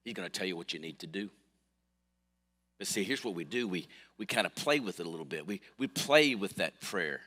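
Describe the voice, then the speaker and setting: Pastor guy preaching, bright voice, pitch jumps all over, big echoey church hall. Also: a little fast. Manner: lively storytelling preacher with swings from quiet to loud. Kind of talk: sermon. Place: church sanctuary. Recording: long hall reverb.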